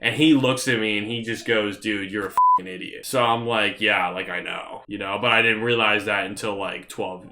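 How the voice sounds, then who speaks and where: A man's voice: lowish voice, normal speed, hardly any pauses, very noisy. Young man rambling through a story. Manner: rambling, animated storytelling with many fillers. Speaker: vlogger. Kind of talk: casual storytelling.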